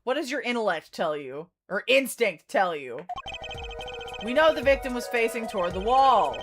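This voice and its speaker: A woman reading the lines of a calm young male defense lawyer who patiently coaches his junior through a puzzle. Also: on the high side, moderate pace. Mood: patient coaching. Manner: patient, coaching, reading game text aloud. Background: game music.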